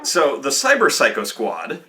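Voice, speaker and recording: Guy in his 30s ranting about a tabletop game, swears a lot, bright voice that jumps all over. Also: medium pitch, unhurried. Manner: excitable, profane, acts out players with loud outbursts. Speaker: game master telling table stories. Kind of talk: animated storytelling chat.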